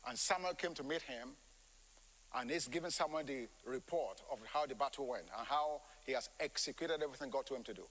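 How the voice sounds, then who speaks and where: A man preaching a sermon, emphatic and animated, with many rhetorical questions. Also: a little high, big-room sound, low-quality recording.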